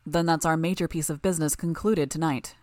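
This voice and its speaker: Audiobook: composed male villain chairman, read by a woman, low and dry. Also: fairly even intonation, a little fast, a little mellow, no echo, close to an everyday voice. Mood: businesslike. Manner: formal, businesslike.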